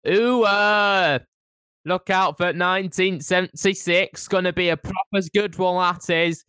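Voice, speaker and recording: A podcast co-host putting on a Yorkshire accent to mock a friend as an excitable, overblown man. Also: mid-range voice, a little slow, clean tone, dry recording, voice pushed up, close to an everyday voice. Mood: excited. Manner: exaggerated, overblown mock prophecy.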